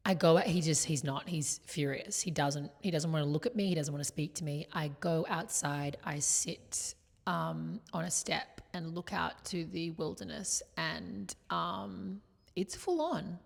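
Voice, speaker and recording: Low-voiced young woman telling a story. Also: a little slow, gravelly. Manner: chatty, many "like" fillers, shifts between loud and hushed. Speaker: vlogger. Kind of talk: casual confessional storytelling. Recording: long hall reverb.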